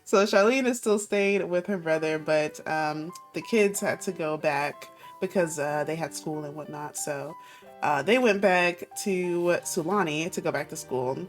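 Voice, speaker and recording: A woman's voice: low-pitched, measured pace, faint music behind. A woman giving chatty, filler-heavy commentary on her life-sim game. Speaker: let's player. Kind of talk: casual gameplay commentary.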